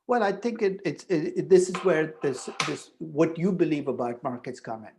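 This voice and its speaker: An older man lectures a university class in a slightly high voice. He talks in an animated, emphatic way, doubling back and restarting phrases as he works through his point. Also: normal speed, vocal fry, hardly any pauses. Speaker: professor.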